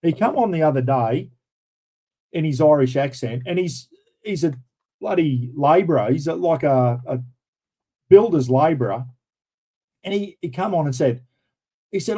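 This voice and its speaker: An Australian man runs a casual livestream chat, sounding blunt and indignant as he swears and keeps calling out to "everyone". His voice sits a little high for a man but has a dark, mellow tone. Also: animated, moderate pace, pauses often, breathy edge, rough recording. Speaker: livestream host.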